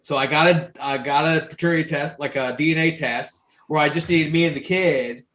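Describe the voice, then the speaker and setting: A man in his thirties from New York, a podcast guest telling a story in casual chat. He is animated and profane, with lots of fillers. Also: on the high side, fairly quick. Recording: roomy echo.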